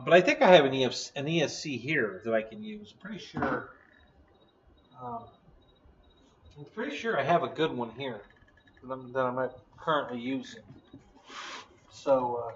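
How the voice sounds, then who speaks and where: A man's voice: mid-range voice, fairly bright tone, roomy sound, distant mic, highs cut off, slight background noise. A man hosting a casual live stream, chatting in a rambling way, laughing often and yawning.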